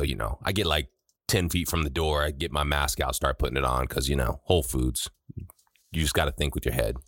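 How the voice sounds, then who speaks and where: A man's voice: very deep voice, fairly bright tone, dry recording, studio quality. A middle-aged man co-hosting a podcast, teasing his friend in casual chat. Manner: teasing, joking banter. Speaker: podcast co-host.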